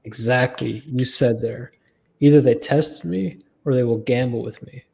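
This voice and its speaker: A man's voice: medium pitch, a little slow, vocal fry, a little mellow, slight background noise. A man hosting a casual watch chat, swearing freely and acting out the voices in his stories. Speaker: podcast host.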